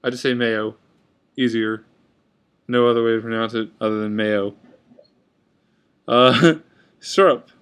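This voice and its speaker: Young-sounding guy, clear resonant voice, relaxed webcam vlog chatter, offhand and chatty. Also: mid-range voice, a little slow, pauses often. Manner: reads word list, comments offhand. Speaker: vlogger. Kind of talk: casual accent tag video. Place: indoors at a computer. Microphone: webcam at computer.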